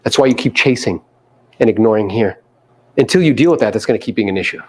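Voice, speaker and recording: A man coaching a live audience in a meeting room, animated and casual, sometimes coarse, often acting out other people's voices. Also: fairly low pitch, fast talker, breathy edge. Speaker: real estate coach. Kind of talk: live seminar talk to an audience.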